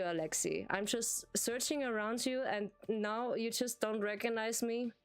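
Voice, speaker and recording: A woman with a German accent playing a sassy big sister on a live stream, teasing and scolding in mock indignation. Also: mid-range voice. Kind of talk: playful live-stream role-play.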